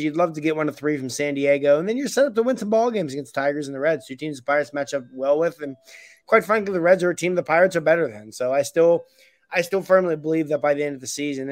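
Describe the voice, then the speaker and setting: A man's voice: medium pitch, dry recording. A man co-hosting a casual sports podcast, opinionated and blunt, rambling with restarts. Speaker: podcast co-host.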